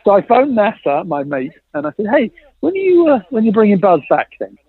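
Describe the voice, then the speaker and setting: A middle-aged innovation consultant, appearing as a guest on a podcast interview, tells an animated story with lively, self-deprecating humor and acts out the dialogue he quotes. His voice is high-pitched and brisk, and the line sounds dry and tinny, like a phone.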